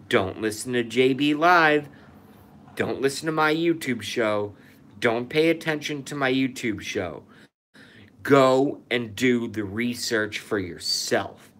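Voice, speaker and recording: Slow, furious ranting man. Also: medium pitch, fairly bright tone. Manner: furious, profane, repetitive ranting. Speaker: YouTube show host. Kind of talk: comedic conspiracy rant. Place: apartment. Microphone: phone.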